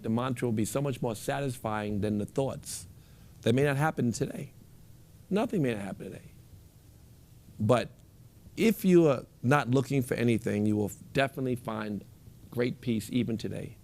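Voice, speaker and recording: A man guiding a group through a meditation, speaking in a relaxed, instructive way and repeating his phrases. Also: mid-range voice. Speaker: meditation teacher. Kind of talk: guided meditation with a live group.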